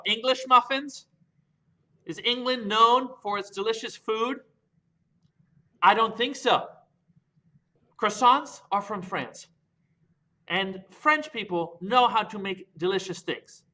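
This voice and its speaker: Very high-voiced sassy man. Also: pushed and bright. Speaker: improv performer. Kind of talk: comedic opening argument.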